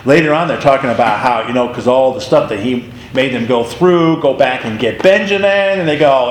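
A man's voice: medium pitch, moderate pace, few pauses, echoey room, slight background noise, low-quality recording. A man teaching a Bible class in a casual way, retelling the story with animation and acting out the figures' lines.

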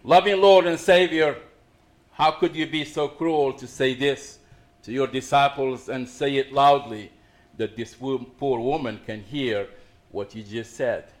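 A middle-aged man preaching a sermon as pastor, swinging between raised emphasis and quiet asides. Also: medium pitch, steady tone, a little slow.

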